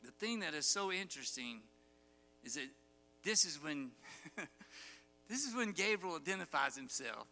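A man preaching a sermon, telling the story with animated asides and acted-out quotes. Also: fairly high pitch, measured pace, vocal fry, pauses often. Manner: animated storytelling, acts out quoted lines, chuckles. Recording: long hall reverb, faint music.

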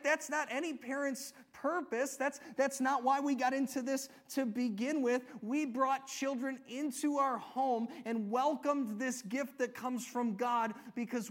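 A male pastor preaching a sermon, earnest, swinging between loud emphatic lines and soft hushed ones, often asking the congregation rhetorical questions. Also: very high-pitched, slow.

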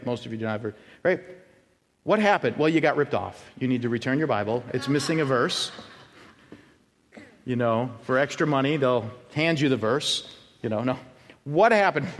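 Male pastor, higher-voiced, lively preaching with congregation asides; sound of a reverberant church hall. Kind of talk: expository sermon. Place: church sanctuary.

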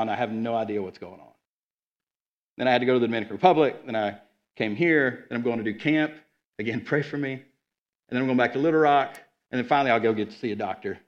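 A man preaching a sermon in an earnest, conversational way, often repeating himself. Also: medium pitch. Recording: dull lo-fi sound.

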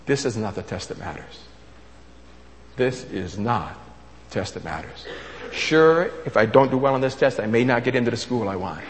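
A man's voice: mid-range voice, a little hiss or hum. Emphatic man preaching in a reverberant hall. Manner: emphatic, repeats key phrases, shifts between loud and soft. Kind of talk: sermon. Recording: long reverb of a large hall.

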